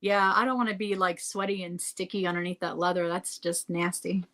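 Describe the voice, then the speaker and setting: A woman's voice: fairly low pitch, level tone, a little fast, a bit bright. Chatty woman podcast guest. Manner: chatty, stumbles and restarts, lots of "like". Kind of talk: casual chat.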